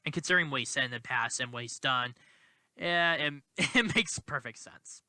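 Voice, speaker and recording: Male commentator, halting delivery, full of false starts, indignant, very bright sharp tone, dry close sound. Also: mid-range voice, dry recording. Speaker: political commentator. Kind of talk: commentary vlog, reading quotes aloud.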